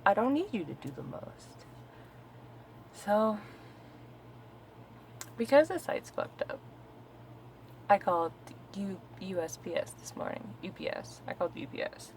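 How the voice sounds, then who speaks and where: A woman's voice: fairly low pitch, animated, moderate pace, gravelly, slight background noise, rough recording. A woman vlogger telling a story at home in a casual, exasperated, profane venting rant.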